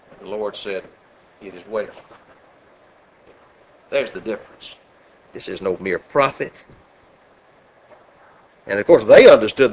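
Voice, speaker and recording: On a low-quality recording, a preacher delivering a sermon rises to a loud, high pitch for scripture quotes and sinks into a soft, low voice during asides.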